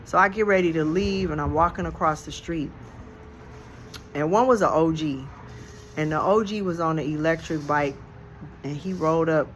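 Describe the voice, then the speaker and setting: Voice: medium pitch, normal speed, pauses often, fairly bright tone, slight background noise. A storyteller telling a real-life story in a casual, reflective, slangy way, recorded outdoors on a handheld phone. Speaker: storyteller vlogger. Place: outdoors on a porch. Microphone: phone held in hand.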